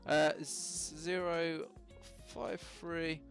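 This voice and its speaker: A slightly higher-voiced man with a gravelly edge, narrating his flight sim prep in a loose, rambling way. He cracks self-mocking jokes and fills pauses with ums and uhs. Soft music plays faintly behind him. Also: fairly even intonation. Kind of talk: casual live-stream commentary.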